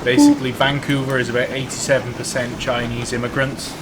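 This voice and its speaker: A man's voice: mid-range voice, level tone, a little fast. A Welsh man hosting a live stream, chatting casually in a rambling, jokey way and reading out viewer comments. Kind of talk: casual live-stream chat while playing. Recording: noisy background.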